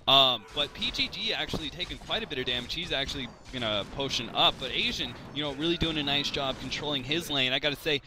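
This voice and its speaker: A man's voice: a little high, expressive, quick pace, few pauses, noisy background. A man commentating a video game match, rambling with lots of fillers and restarts. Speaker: esports commentator.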